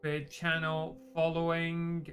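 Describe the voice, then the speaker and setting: A man's voice: fairly high pitch, completely flat delivery, slow, fairly bright tone, soft background music. A man hosting a live game stream, chatting casually, laughing often and greeting viewers. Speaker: streamer host.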